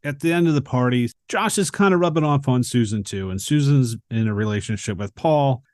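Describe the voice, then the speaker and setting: A man's voice: mid-range voice, a little fast, no echo, studio quality. A man hosting a podcast, casually and animatedly retelling the plot of a film scene by scene. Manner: animated retelling, acting out characters' lines. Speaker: podcast co-host. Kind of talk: casual movie recap.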